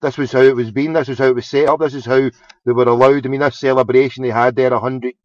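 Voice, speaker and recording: A man's voice: mid-range voice, level tone, fast, no echo. A man chatting casually, rambling and swearing, with many restarts. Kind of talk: casual chat. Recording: dull lo-fi sound.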